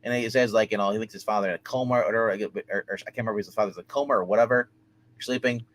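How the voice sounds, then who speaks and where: A man co-hosting a TV recap show, telling the plot in a rambling, halting way with many fillers and restarts. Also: lowish voice, steady tone, fairly bright tone. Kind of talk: casual TV episode recap.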